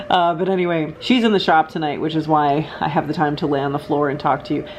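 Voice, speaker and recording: A woman's voice: sits low, steady tone, fast talker, few pauses, a little mellow, lo-fi sound, a little hiss or hum. A young woman talking casually to her viewers in a home vlog, chatty and rambling, sometimes frustrated. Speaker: vlogger. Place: indoors at home, lying on the floor.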